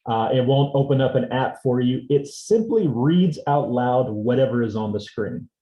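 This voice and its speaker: A man teaching a seminar on assistive technology, explaining a device demonstration step by step in a relaxed way. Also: medium pitch, moderate pace. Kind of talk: instructional demonstration. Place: indoor seminar room. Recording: roomy echo.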